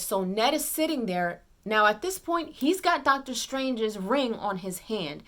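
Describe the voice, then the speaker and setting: Woman excitedly recapping a movie plot. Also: on the high side, a little slow, hardly any pauses. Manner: excited retelling, acts out characters' lines; rambling with fillers and restarts. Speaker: movie reviewer. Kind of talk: casual spoiler movie recap.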